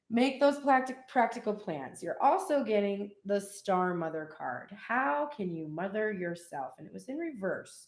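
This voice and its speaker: Chatty woman reading tarot, roomy sound. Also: on the low side. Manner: chatty and animated, frequent laughter and cheeky asides. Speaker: tarot reader. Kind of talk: casual live tarot reading.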